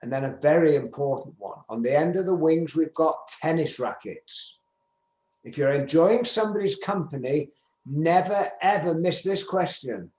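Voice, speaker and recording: A man's voice: a little high, moderate pace, darkish tone. A man in his seventies from Manchester with a northern English accent, giving an emphatic conference talk and acting out sample conversations. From England, Manchester. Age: 70s. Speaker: business skills speaker. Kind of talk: conference presentation. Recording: roomy echo.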